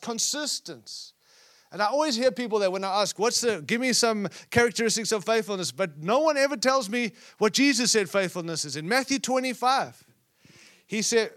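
A man preaching a sermon at a conference, acting out scripture quotes and dropping to a hush at times. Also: high voice. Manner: preaching with sudden drops to a hushed voice; acts out quoted speech from scripture stories. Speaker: conference speaker. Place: conference hall.

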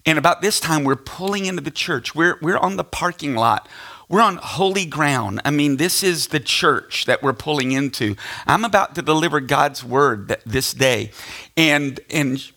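Middle-aged man, pastor, sermon storytelling, bright forceful voice, self-deprecating, laughs at himself. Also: on the high side, animated, moderate pace.

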